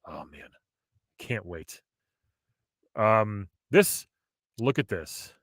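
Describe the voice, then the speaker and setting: Man, 40s, host, eager and laughing, bright lively voice, dry close sound. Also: fairly low pitch, drawn-out words, no room sound. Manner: enthusiastic, laughs often. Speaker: podcast host. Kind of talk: casual chat.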